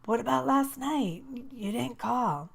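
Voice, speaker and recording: Woman doing a raspy, sleepy teenage girl. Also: a little high, animated, takes it slowly, voice pushed up, full character voice. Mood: sleepy teasing.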